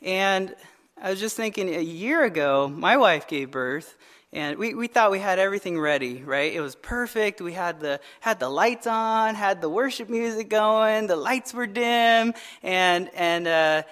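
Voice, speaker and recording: A man preaching a sermon as pastor, telling stories in an animated way, often asking "right?" and repeating words as he starts phrases. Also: high-pitched, measured pace. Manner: animated storytelling with frequent "right?" tag questions.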